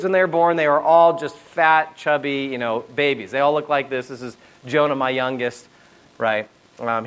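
Animated storytelling pastor, slightly high voice. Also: male voice, poor audio. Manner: animated storytelling with asides to the audience. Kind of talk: sermon.

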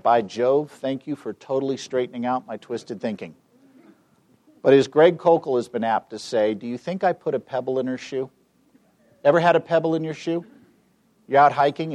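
A man giving a live training seminar, telling an anecdote to an audience in an animated, emphatic way. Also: mid-range voice. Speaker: seminar speaker. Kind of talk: live training talk with storytelling.

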